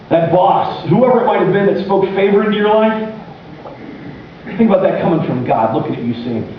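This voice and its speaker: A man delivers a lively sermon, his high voice swinging widely as he acts out quoted speech. The sound is captured from far off in a very echoey church hall. The recording is muffled, with faint noise underneath. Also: fast. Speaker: pastor. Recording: distant, muffled room mic with faint noise.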